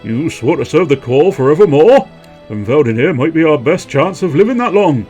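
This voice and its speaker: A man voicing a gruff undead army sergeant with a Welsh accent, barking in a hearty drill-sergeant tone. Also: a little high, big pitch swings, normal speed, darkish tone, faint music behind, pitched above the performer's own voice.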